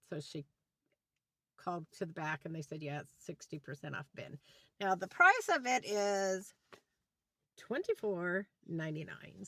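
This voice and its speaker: A woman at medium pitch, captured in a dry recording, vents about something that happened while sitting in a van. Her storytime is animated, and she voices both people in the conversation through quoted lines.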